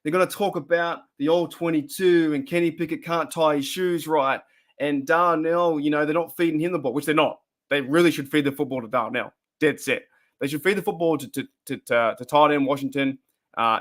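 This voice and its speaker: A man's voice: a little high, fairly even intonation, fairly quick, fairly bright tone. Chatty Australian man hosting a fan stream. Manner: chatty, rambling, reads out chat comments. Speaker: fan show host. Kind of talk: casual livestream chat.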